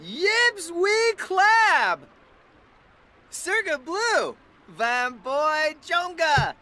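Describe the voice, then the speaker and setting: A woman's voice: very high-pitched, very animated, drawn-out words, sharp tone, exaggerated voice. A woman voicing a cheerful video game character who gives a speech in playful invented gibberish. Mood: chirpy. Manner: speaks playful invented gibberish, often laughing.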